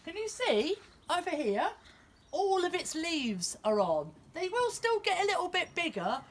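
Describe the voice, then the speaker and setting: Animated woman teaching kids outdoors. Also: very high-pitched, measured pace. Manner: animated, sing-song, talks directly to kids. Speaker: children's nature educator. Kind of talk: lively outdoor lesson for young children. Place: small urban back garden, outdoors.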